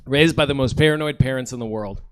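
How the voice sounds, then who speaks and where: On a comedy theater stage, this Ukrainian man in his thirties, originally from the Soviet Union, delivers stand-up in a fast, mid-range voice. His jokes come with self-deprecating, apologetic asides.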